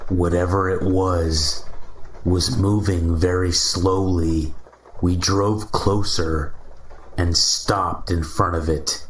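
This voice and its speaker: A man with a very low voice reads a story slowly and steadily. His voice carries a roomy echo. A faint hiss sits under the recording. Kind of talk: scripted story narration.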